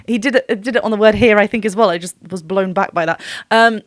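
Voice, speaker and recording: A woman's voice: medium pitch, fast talker, dry recording. Woman vocal coach reacting to a song, super gushy, laughs a lot, sings little demo notes, mid voice, dry sound. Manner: effusive, gushing praise with frequent laughs; breaks off to sing short demo notes. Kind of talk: reaction and analysis commentary.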